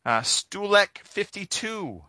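A man's voice: sits high, sing-song, takes it slowly, pushed and bright, dry recording. A man hosting a gaming podcast, chatting casually and joking, with plenty of fillers. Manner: joking, rambling with many fillers. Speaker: podcast host.

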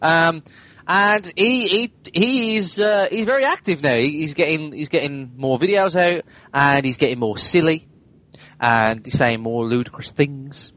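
A man's voice: on the high side, lively intonation, normal speed, a bit bright, low-quality recording. A man co-hosting a casual game podcast, talking chattily with jokey asides. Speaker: podcast co-host.

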